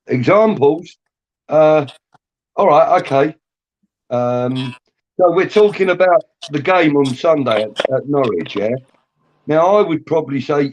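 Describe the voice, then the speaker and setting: A man's voice: fairly high pitch, expressive, a little slow, long pauses, a little mellow, muffled recording. A middle-aged man co-hosting a casual live-stream chat, opinionated and emphatic, often repeating himself.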